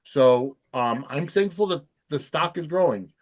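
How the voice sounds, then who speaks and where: A man co-hosting a casual chat podcast, talking in a halting way with many "um" fillers. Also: fairly high pitch, expressive. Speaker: podcast co-host.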